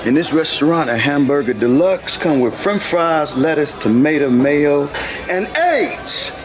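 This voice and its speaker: A man's voice: on the high side, lively intonation, unhurried. An actor playing a sassy, flamboyant, fearless male cook in a TV drama, with a bold, brassy, defiant delivery. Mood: defiant sass. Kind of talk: TV drama acting. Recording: TV clip with loud music behind. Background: music.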